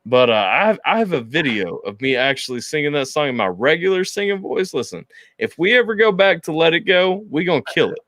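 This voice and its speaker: A young adult male host chatting loosely on a livestream, jokey and self-mocking. His voice swoops high and low as he talks. The sound is close and dry, with no room around it. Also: a little fast, dry recording. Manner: animated, joking, self-deprecating. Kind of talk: casual livestream interview chat.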